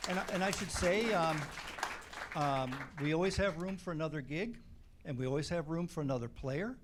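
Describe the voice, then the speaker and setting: A man's voice: a little high, normal speed, crowd noise, background noise. Joking man telling stories. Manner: joking, chuckles through his stories. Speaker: accordion band member, guest. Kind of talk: casual storytelling interview. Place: community TV studio.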